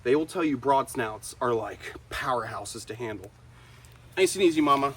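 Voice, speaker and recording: A man keeper hosting a casual vlog outdoors among animal enclosures, excitable and shouting at the animals now and then. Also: medium pitch, normal speed, slight background noise. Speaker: reptile keeper and host.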